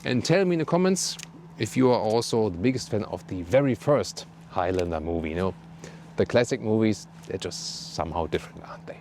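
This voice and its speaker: A man's voice: on the low side, lively intonation, brisk, a little mellow, slight background noise. A man with a German accent hosting a walkaround car review, pointing out features one by one in a detailed, upbeat way. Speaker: car reviewer, channel host. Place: beside a car outdoors in Scotland.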